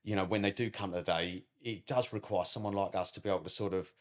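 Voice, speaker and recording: Chatty British man, low voice, full of "mate". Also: fairly even intonation, fast talker. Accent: British English. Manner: chatty, cheeky, constantly says "mate". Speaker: wedding photographer guest. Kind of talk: casual podcast chat.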